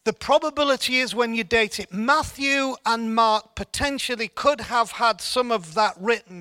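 A man's voice: sits high, moderate pace, few pauses, bright, forceful tone, no room sound. A man giving an informal church Bible teaching in an earnest way, often repeating words as he restarts.

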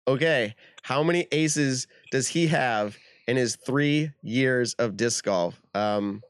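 A man's voice: medium pitch, slow, smooth, no room sound, clean studio sound. A man hosting a podcast game segment, laughing often and keeping the quiz moving with upbeat patter. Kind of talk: casual chat.

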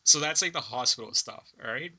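A man co-hosting a film podcast, chatting casually and excitedly about movie trivia, laughing and swearing often. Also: medium pitch, brisk. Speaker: podcast co-host.

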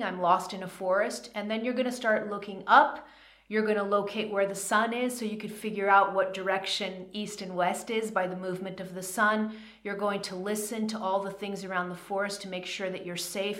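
Woman doing a chatty spiritual teaching, keeps asking okay?, bright voice, roomy echo. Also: mid-range voice. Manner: conversational, often checks in with "okay?". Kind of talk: guided teaching talk.

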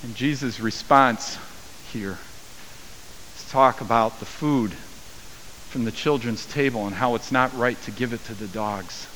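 A man preaching a sermon as a pastor, acting out the voices of the people in his story with rising pitch and volume. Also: measured pace, pauses often, a bit bright. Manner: acts out quoted voices with raised pitch and volume. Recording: long hall reverb with faint hiss.

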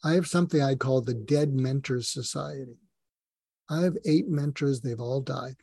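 A man's voice: medium pitch, dark tone, slightly rough, no room sound. A middle-aged man, a podcast guest, telling personal stories in an earnest, rambling way with many fillers. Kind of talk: casual personal storytelling.

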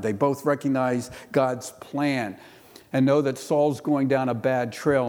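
A man's voice: medium pitch, darkish tone. Man preaching in a reverberant hall. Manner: reads scripture then explains it conversationally, with playful voices for quotes. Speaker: pastor. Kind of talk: sermon. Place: church.

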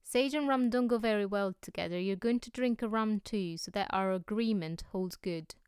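A woman voicing a brash, earthy, free-spirited man, talking loudly and emphatically in a storybook reading. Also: medium pitch, normal speed, clear, resonant tone, no room sound, clean studio sound, natural voice. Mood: boisterous. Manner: loud, emphatic, forceful.

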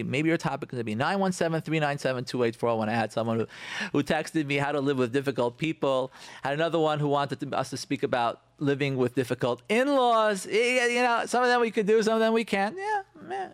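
A man's voice: a little high, no echo. A man hosting a radio talk show, enthusiastically promoting an event with repeated phrases and Hebrew expressions. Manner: animated, repetitive, sprinkled with Hebrew phrases. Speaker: radio host.

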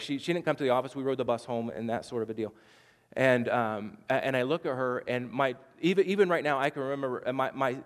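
Earnest man preaching in a large hall. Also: medium pitch. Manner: earnest, with many restarts and sudden hushed drops. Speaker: pastor. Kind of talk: sermon.

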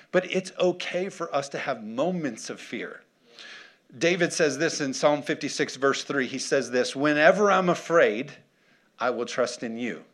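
A man's voice: on the high side, fairly bright tone. A man preaching a conversational sermon who keeps checking in with his congregation and asks for responses. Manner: conversational, calls for audience responses. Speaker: pastor.

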